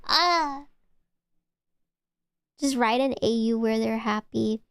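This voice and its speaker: Bright-voiced woman streamer, rambling chat. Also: on the high side, takes it slowly, clean tone, dry recording, clean studio sound. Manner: rambling, playful, swears freely. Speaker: VTuber streamer. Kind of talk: casual livestream chat.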